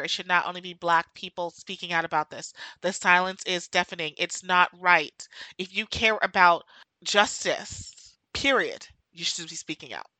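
A woman's voice: fairly low pitch, sharp tone, dry recording, poor audio. A woman hosting her own podcast, speaking in an emotional, impassioned monologue and hammering her points home by repeating them. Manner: impassioned, emphatic, repeats key phrases. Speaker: podcast host.

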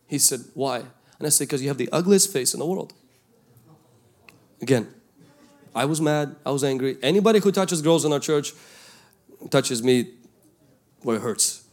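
A male pastor, preaching a sermon and telling a story from his youth, swinging between loud calls and hushed asides. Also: medium pitch, expressive, normal speed, pauses often. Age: 20s at the time of the story, now older.

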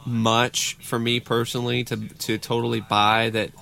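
A man's voice: medium pitch, flat delivery, moderate pace, vocal fry, bright, forceful tone. A man with a mid-range voice co-hosting a podcast. He talks in an easygoing, conversational way, laughs readily and works through his thoughts aloud. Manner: easygoing, laughs often, reasons things through. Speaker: podcast co-host. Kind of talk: casual podcast banter.

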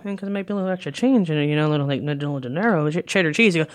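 A man casually retelling a movie plot in a chat, animated and full of fillers, slipping into put-on voices for the characters. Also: fairly high pitch, very fast, hardly any pauses. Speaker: film recapper.

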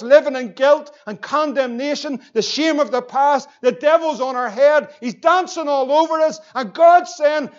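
A pastor preaches in a strikingly high voice. He is impassioned and climbs to shouts on key lines. The recording sounds dull and lo-fi. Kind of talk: sermon.

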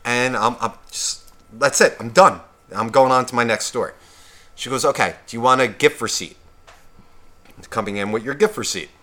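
In a bright, forceful mid-range voice, a man on a podcast speaks at normal speed with long pauses. The co-host tells a profane shopping story as a casual rant, voicing both sides of the conversation himself.

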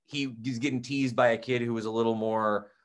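Telling stories on the podcast he co-hosts, this young teacher has a brisk, mid-range voice. In casual conversation he performs the quotes with loud, animated gusto.

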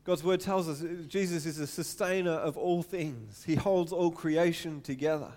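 A man in his thirties preaching a sermon to his church, animated and repeating words for emphasis. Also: fairly high pitch, normal speed. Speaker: pastor. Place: church hall.

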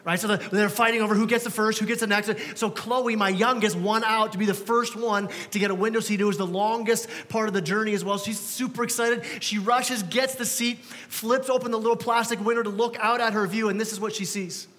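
Man, pastor, high voice, preaching a sermon, casual joking tone, long church reverb. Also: steady tone, fairly quick, hardly any pauses, fairly bright tone, a little hiss or hum. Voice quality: conversational, self-deprecating humor. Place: church sanctuary.

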